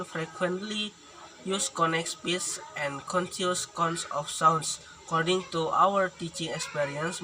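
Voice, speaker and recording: Indonesian student man reading a lesson, noisy room. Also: on the high side. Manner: careful, halting reading with restarts and slow demonstrated words. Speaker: student presenter. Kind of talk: read academic presentation. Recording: room with audible background noise.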